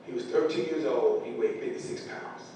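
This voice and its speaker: Middle-aged man, earnest motivational speaker, distant mic with faint rumble. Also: moderate pace, dark tone. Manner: earnest, emotional storytelling. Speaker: parent speaking to school staff. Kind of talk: motivational speech. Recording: echoey large room from far off, faint rumble.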